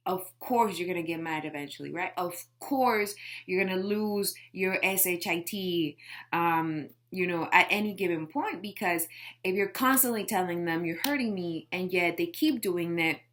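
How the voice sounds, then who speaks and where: A life coach speaks to camera in a casual, emphatic motivational talk, scattering rhetorical questions and "right?" throughout. Her voice is lowish and a bit bright, at a normal speed.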